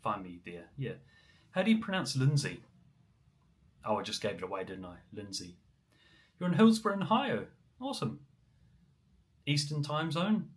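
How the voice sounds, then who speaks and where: A man's voice: mid-range voice, very animated, moderate pace, pauses often. Chatty New man livestreaming. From New Zealand. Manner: chatty, answers viewer comments, many ums. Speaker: musician livestreamer. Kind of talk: casual livestream chat.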